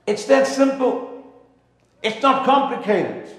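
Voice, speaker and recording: Male preacher, fairly high voice, playful and animated delivery, booming hall reverb. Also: normal speed. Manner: animated, playful, acts out voices of God and congregants. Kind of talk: lively sermon. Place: church. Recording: echoey hall, long reverb.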